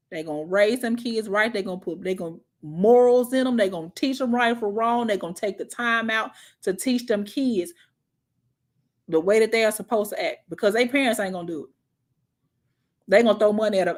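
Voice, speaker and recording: A woman hosting a casual talk stream, telling stories in a lively, preachy way, calling listeners child and honey and mocking others in put-on voices. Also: medium pitch, moderate pace. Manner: animated, preachy storytelling with mocking impressions. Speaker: host.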